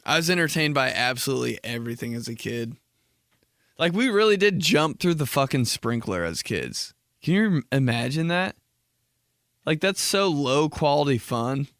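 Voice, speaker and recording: A man's voice: on the high side, expressive, moderate pace, a bit bright, no echo, studio quality. A man in his twenties hosting a podcast, talking in a rambling, slangy, casual monologue full of swearing. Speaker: podcast host.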